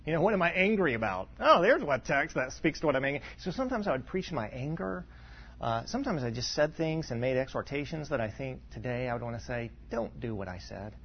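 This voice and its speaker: Earnest husky-voiced pastor preaching. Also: male voice, a little high, very animated, muffled recording. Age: 40s. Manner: earnest, self-deprecating, halting with restarts and throat-clearing. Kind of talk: sermon.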